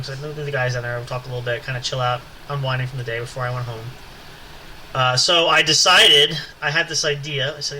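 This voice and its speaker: A man's voice: medium pitch, bright, forceful tone, a little hiss or hum, rough recording. A man hosting a podcast, telling a long anecdote in a rambling, casual way with many fillers and asides. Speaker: podcast host. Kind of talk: casual storytelling.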